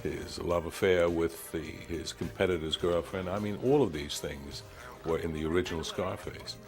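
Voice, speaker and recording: Deep-voiced man, interview clip, measured explainer, soft music under. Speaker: film producer in an interview. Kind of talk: archival interview.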